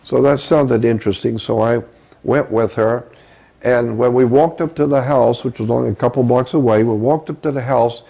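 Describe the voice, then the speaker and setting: An older man tells a story from his own past, his voice rough and gravelly. The tone is dark and mellow, and he stumbles and repeats words as he searches for what to say. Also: medium pitch, steady tone. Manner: halting, repeats words mid-sentence. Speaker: researcher telling a personal story. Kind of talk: first-person storytelling.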